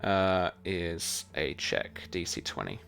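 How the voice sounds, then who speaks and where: Man, game master, low voice, bright tone, rambling narration, faint music behind. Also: sing-song, slow pace, creaky. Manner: loose, rambling description with many fillers.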